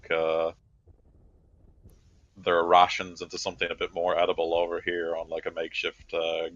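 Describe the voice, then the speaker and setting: A man narrating a tabletop role-playing session as game master, casual and filled with hesitations. His voice sits deep, and the recording sounds dull and lo-fi. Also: gravelly, a bit bright, no echo. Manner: loose, filler-heavy narration.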